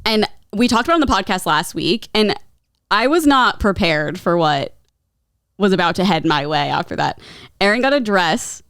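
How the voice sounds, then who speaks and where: A woman's voice: mid-range voice, big pitch swings, moderate pace, a bit bright, smooth, no echo, studio quality. A woman co-hosting a podcast, chatting casually with lots of laughter and filler words. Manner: chatty, giggly, lots of likes. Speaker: podcast co-host. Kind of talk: casual chat.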